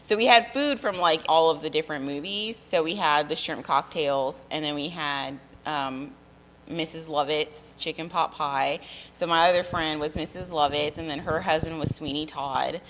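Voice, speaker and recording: Woman in her 30s, low voice, rambly and laughy, casual chat. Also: normal speed, fairly bright tone. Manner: rambling storyteller, many fillers and laughs.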